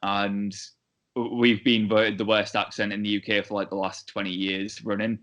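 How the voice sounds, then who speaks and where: Low-voiced man with a Hull accent. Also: flat delivery, fairly bright tone, highs cut off. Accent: Hull English. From Hull, England. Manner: easygoing and laughing, quick short backchannels. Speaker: podcast host. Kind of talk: casual interview chat.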